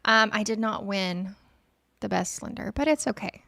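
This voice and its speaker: A chatty woman, a guest on a morning show, talking in a bubbly way and joking about herself. Her voice sits at a middle pitch, recorded close and dry. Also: moderate pace, vocal fry, sharp tone, no room sound. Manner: bubbly, self-mocking, chatty. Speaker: credit union guest. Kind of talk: casual chat.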